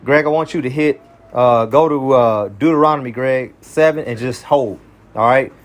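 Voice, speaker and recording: Here a Kentucky man with a mid-range voice guides a small Bible study group at a moderate speed. His manner is loose and slangy, and he frequently pauses to ask, "you see what I'm saying," making sure people follow.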